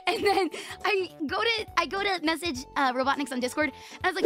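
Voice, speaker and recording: High-voiced woman streamer, laughing storyteller. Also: fast talker, faint music behind. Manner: laughs often, swears, animated and rambling. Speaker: VTuber streamer. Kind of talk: casual storytelling to stream chat.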